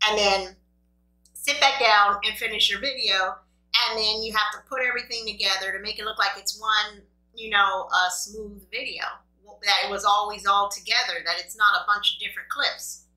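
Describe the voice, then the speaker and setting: A woman's voice: medium pitch, pushed and bright, far from the mic. A woman hosting an eating video, chatting to her viewers in a rambling, self-deprecating way. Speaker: mukbang host. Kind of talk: casual chat while eating. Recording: echoey room.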